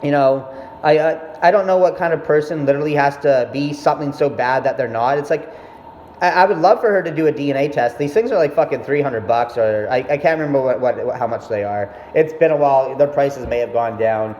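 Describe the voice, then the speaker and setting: This young vlogger, medium-pitched, brisk, and a bit mellow, recounts a story about his mother in a loose, cursing monologue that keeps derailing itself. Faint noise and a dull, echoing room color the recording.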